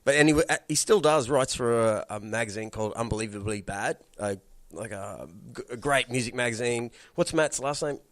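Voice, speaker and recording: A man's voice: mid-range voice, fairly quick, hardly any pauses, fairly bright tone, dry recording, clean studio sound. A man hosting a podcast in casual chat. He talks a lot, swears casually and keeps checking in with his listeners.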